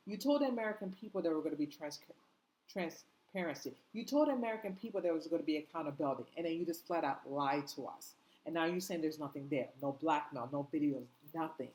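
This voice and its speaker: A woman's voice: deep voice, expressive, quick pace, a little mellow, poor audio. A woman delivering an impassioned opinion monologue, indignant and full of rhetorical questions, in a casual spoken manner with fillers. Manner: conversational, with fillers and slang. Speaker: commentator.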